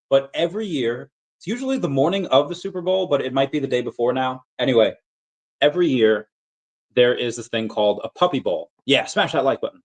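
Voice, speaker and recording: A man's voice: mid-range voice, lively intonation, a little fast. A man hosting a casual livestream, rambling and thinking aloud with lots of fillers as he reads chat messages. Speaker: crypto livestream host. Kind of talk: casual livestream chat reading super chats.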